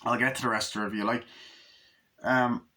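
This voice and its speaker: A man giving a casual spoken movie review, rambling and excitable, swearing often as he recounts scenes. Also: mid-range voice, brisk.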